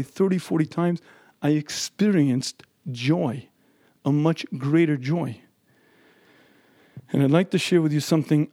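A man with a fairly high, mellow voice delivers a Torah lecture in an earnest, emphatic teaching manner. He clears his throat again and again. The sound is close and dry. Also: no echo. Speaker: religious lecturer.

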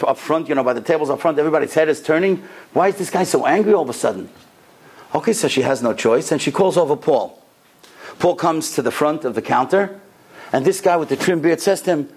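A rabbi giving a sermon, telling stories with an animated delivery and a voice that climbs on the key points. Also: male voice, a little high, slightly rough. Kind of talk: sermon storytelling.

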